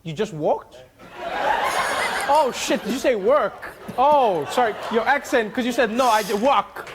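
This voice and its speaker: A man with an extremely high-pitched voice hosts a comedy talk show, bantering with audience members, slipping into mock accents and laughing often. He's animated but unhurried. The improvised crowd work takes place in a studio with a noisy live audience.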